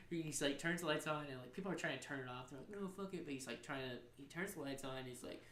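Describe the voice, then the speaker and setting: A man's voice: on the high side, brisk, roomy sound, background noise. A man in his twenties, co-hosting a podcast, tells a rambling, profane story and acts out the people in it. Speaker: podcast co-host. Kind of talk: casual storytelling chat.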